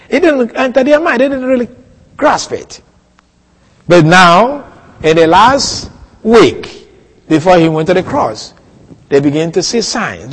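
Male preacher, fairly high voice, deliberate and emphatic delivery; recorded in a big reverberant hall. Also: breathy edge. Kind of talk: expository sermon.

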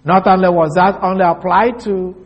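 A male preacher delivers an expository sermon with a husky, fairly high voice. He reads scripture passages slowly and deliberately, leaning on key words as he explains them. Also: fairly even intonation, highs cut off. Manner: slow, deliberate reading of scripture with stressed words.

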